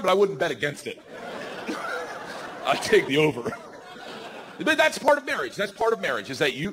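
A man doing a stand-up comedy set on stage, telling crude stories loudly and slipping into squealing voices. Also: a little high, noisy background. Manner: loud, rowdy storytelling with crude jokes and squealing put-on voices. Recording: live venue with crowd laughter.

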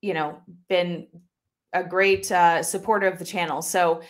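This young YouTube host sits by her desktop at home, casually reading live-chat comments aloud. Her voice is on the low side with fairly even intonation and an unhurried pace, and she keeps an upbeat tone with lots of fillers.

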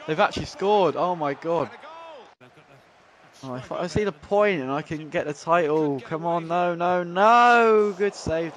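A man giving live gameplay commentary, excitable, shouting at the match and joking with himself. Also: on the high side. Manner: excitable, shouts at the match and laughs at his own jokes. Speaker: gaming channel host.

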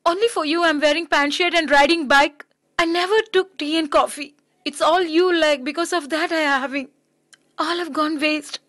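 This is a proud tomboy of a young woman, with a high voice. She talks with sarcastic reproach, close and dry. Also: steady tone, moderate pace, a bit bright, no echo. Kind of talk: English dub of a film drama.

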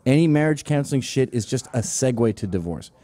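A man's voice: mid-range voice, lively intonation, fairly quick, mellow, no room sound. A man in his forties hosting a show, delivering a profane, sarcastic comedic rant. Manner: profane, sarcastic, acts out quoted voices. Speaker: show host.

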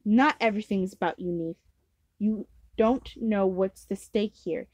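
A woman's voice: medium pitch, measured pace, darkish tone, breathy edge, no room sound, low-quality recording. A woman reading a novel aloud at home, unpolished, with slips and restarts. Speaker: amateur reader.

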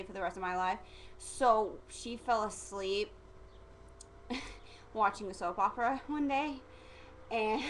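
A woman's voice: mid-range voice, fairly bright tone, slight background noise, poor audio. A teenage girl vlogging casually, rambling and giggly, full of "like" fillers. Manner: chatty and giggly, heavy use of "like" fillers.

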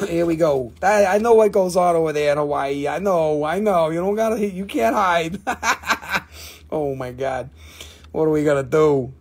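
A high-voiced man hosts a live rock sale with a gravelly, husky edge. He talks excitedly, jokes with his viewers and swears freely. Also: unhurried. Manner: profane, excitable, joking with viewers. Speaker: live sale host selling minerals. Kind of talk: excited live-stream sales patter.

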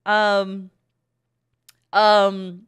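A woman's voice: mid-range voice, completely flat delivery, very slow, smooth. A woman hosting an anime reaction video, chatting casually, giggling often and teasing herself. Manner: giggly, chatty, self-mocking, swears casually. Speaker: anime reaction channel host.

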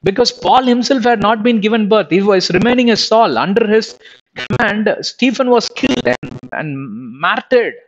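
A man's voice: sits high, expressive, normal speed. Emphatic male preacher, rhetorical questions. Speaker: preacher and Bible teacher. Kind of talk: sermon. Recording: dull lo-fi recording.

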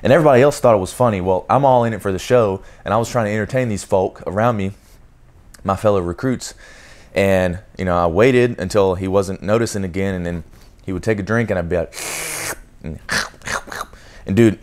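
A young man and Navy sailor talking casually to camera, telling stories with animated energy and speaking directly to viewers. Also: sits low. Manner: animated, acts out shouted commands mid-story; talks straight to viewers with repeated "okay?".

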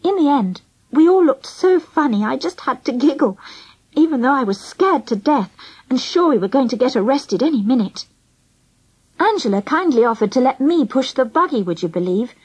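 A woman narrating a children's storybook in the first person, lively and expressive. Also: sits high, poor audio. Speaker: audiobook narrator.

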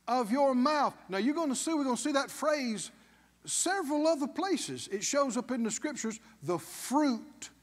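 A man's voice: high-pitched, big-room sound. A man preaching a sermon as pastor, emphatic, with call-and-response questions to the congregation.

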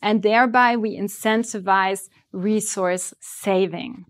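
A woman lecturer giving a conference presentation, explaining ideas clearly and walking through examples step by step. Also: medium pitch, steady tone, slow, no echo. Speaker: business school lecturer. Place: summit venue.

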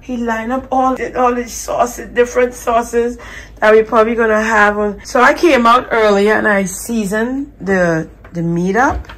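A woman vlogger chatting casually and excitedly straight to her viewers. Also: fairly high pitch, slight background noise, rough recording. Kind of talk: casual vlog chat to viewers.

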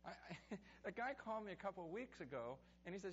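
Pastor, male, slightly high voice, animated sermon delivery, muffled recording with faint hiss. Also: quick pace. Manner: animated storytelling, building to excited peaks; soft, hushed prayer voice. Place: church sanctuary.

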